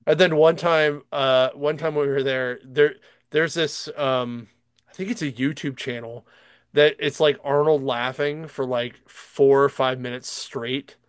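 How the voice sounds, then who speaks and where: A man's voice: medium pitch, steady tone, measured pace, clean tone, dry recording, studio quality. A man chatting casually and telling stories as a podcast host, rambling with lots of fillers and frequent laughter. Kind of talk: casual chat, storytelling.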